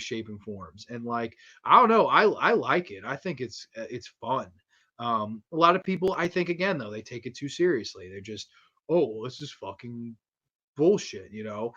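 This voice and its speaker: A man hosting a casual horror movie review livestream from home, rambling excitedly and swearing a lot. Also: medium pitch, highs cut off. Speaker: livestream host. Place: home streaming setup with posters behind.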